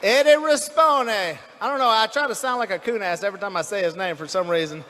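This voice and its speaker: A man's voice: sits high, expressive, very fast, pushed and bright, long reverb tail, a little hiss or hum. A man from North Louisiana with a Southern accent, giving a folksy, rambling speech to a rally crowd. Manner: folksy and rambling, with fillers and restarts. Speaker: rally speaker. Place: large indoor rally venue.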